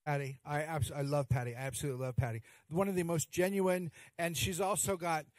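A male emcee who gushes over each guest, rambling and restarting his sentences as he goes. His voice sits a little high for a man. The recording is dry and close, with no room sound. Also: steady tone, a little fast, no echo. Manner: warm, gushing, rambling with restarts. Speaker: host of a charity stream. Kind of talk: emcee introductions.

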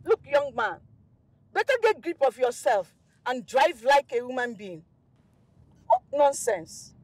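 A woman's voice: high voice, very animated, a little slow, full character voice, rough recording. An actress with a Nigerian accent playing a furious mother who scolds a careless driver. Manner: sharp, scolding, shouting at times. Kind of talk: Nollywood film acting.

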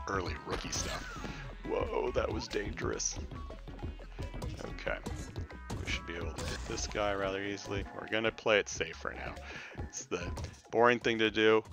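A young man giving casual let's-play commentary, talking to the game's creatures and swinging between loud outbursts and mumbling. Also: low-pitched, gravelly. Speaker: gameplay commentator. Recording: game music behind the voice.

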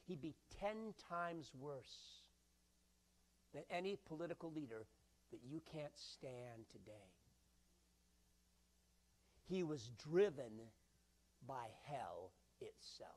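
A male pastor delivers a sermon in a high-pitched voice. He preaches in an animated way, swinging between loud, forceful bursts and hushed, quiet lines. He acts out the voices he quotes and jokes with the congregation. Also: slow, long pauses.

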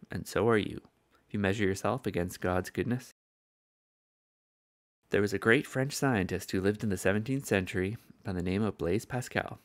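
An older man preaching with earnest conviction. His voice sits a little low and carries a gravelly edge. He tells stories from the pulpit as a sermon. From southern United States. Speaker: evangelist preacher.

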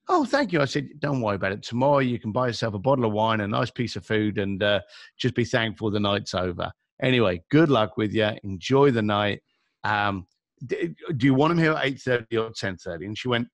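Animated, gravelly-voiced London storyteller. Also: male voice, medium pitch, dry recording, studio quality. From England. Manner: animated storyteller acting out dialogue. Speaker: guest. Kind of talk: storytelling in a podcast interview.

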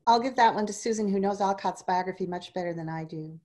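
A woman on a discussion panel, talking reflectively with many hesitant pauses. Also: mid-range voice, a little mellow. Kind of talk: academic discussion.

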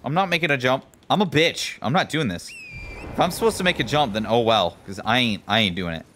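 A man giving jokey, excitable commentary while playing a game, swearing and talking to enemies. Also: mid-range voice, a little fast, soft background music. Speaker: gameplay commentator. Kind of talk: casual let's-play commentary.

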